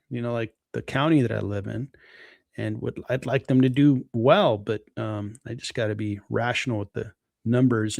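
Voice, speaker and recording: Gravelly man talking stock valuation. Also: mid-range voice, dry recording, clean studio sound. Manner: relaxed, thinking aloud with fillers. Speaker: stock investing live stream host. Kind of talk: casual stock analysis talk.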